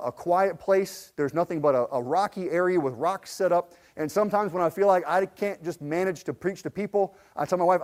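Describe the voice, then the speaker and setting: A man, a pastor, preaching a sermon and telling a personal story, earnest and emphatic at times, dropping soft and low at others, often restarting his words. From United States. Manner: earnest, builds to emphatic peaks, then drops low and soft; frequent restarts and repeated words.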